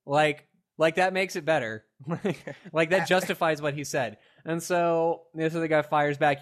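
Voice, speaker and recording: A young man hosting a casual podcast, animated and laughing, with lots of fillers. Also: a little high, moderate pace. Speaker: podcast host. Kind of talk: casual chat.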